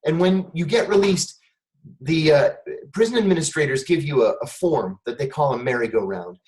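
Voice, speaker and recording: A middle-aged man, a guest on a talk show, telling a wry, animated story in conversation. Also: fairly high pitch, moderate pace, rough recording.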